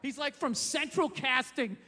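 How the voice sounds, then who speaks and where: A man doing a stand-up comedy set on stage, ranting and swearing with loud shouted bursts, recorded live in a theater. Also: very high voice, measured pace. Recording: live in a theater with long reverb and faint crowd noise.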